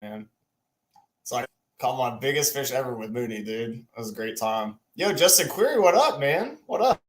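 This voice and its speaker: A man's voice: medium pitch, lively intonation, normal speed. Laid-back man hosting a stream. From Texas. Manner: laid-back, slangy, greets viewers by name. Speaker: podcast co-host. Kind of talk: casual livestream chat. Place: home room.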